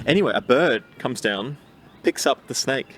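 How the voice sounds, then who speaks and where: A man co-hosting a podcast, chatting casually and telling animated stories with many restarts, recorded outdoors. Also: medium pitch, normal speed. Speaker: podcast co-host. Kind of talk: casual chat. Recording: outdoor recording with faint background noise.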